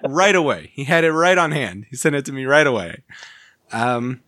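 A man co-hosting a podcast drifts from one story to the next and laughs at his own jokes as he goes. His voice sits at a middling pitch for a man. The sound is dry and close, with no room echo. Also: sing-song, moderate pace, bright, forceful tone. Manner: laughs often, rambling and self-amused. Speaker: podcast co-host. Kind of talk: casual podcast chat.

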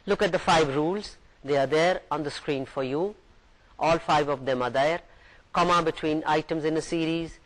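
A man's voice: fairly high pitch, moderate pace, a bit bright, low-quality recording. A man giving a recorded university lecture, patiently explaining each point and reading example sentences aloud.

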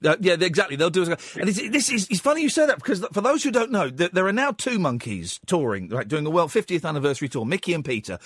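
A man hosting an evening radio show, chatting excitably, with quick laughs and restarts. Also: high voice, breathy edge, no room sound, studio quality. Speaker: radio host. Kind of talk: casual radio chat.

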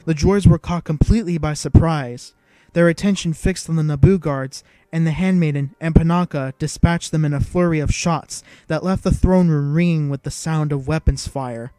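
A male audiobook narrator telling the story in a measured, even way. His voice is warm and mellow and sits a little high for a man. It sounds dry and close to the mic, with faint music underneath. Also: smooth, dry recording.

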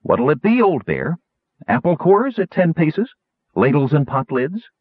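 A brash young woman who needles her companions with glee, as a male narrator plays her. Her voice is lifted high and the sound is thin and phone-like. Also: big pitch swings, unhurried, slightly rough, no room sound, full character voice. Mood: teasing. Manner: mocking, gleeful teasing. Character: bold, teasing young woman warrior. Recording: tinny phone-like audiobook recording.

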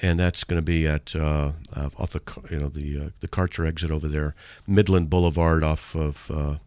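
A man's voice: a bass voice, fairly even intonation, moderate pace, darkish tone, no echo. A man hosting a radio show in a studio, chatting casually and joking. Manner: joking, reads hate mail aloud in mocking voices. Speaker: radio host. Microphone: studio mic.

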